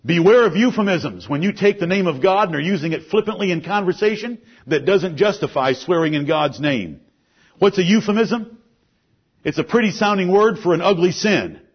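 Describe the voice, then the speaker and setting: A man preaching a sermon, emphatic, rising to loud peaks and then dropping low. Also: animated, normal speed, slightly rough. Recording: muffled lo-fi recording.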